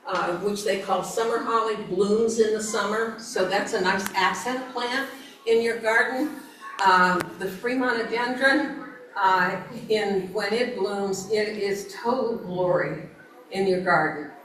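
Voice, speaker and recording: A woman's voice: mid-range voice, unhurried, a bit bright, slight background noise. A woman giving an informal nature talk about plants, chatty, with frequent laughs and fillers. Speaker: garden speaker. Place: outdoor garden event. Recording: roomy, distant mic, faint ambience.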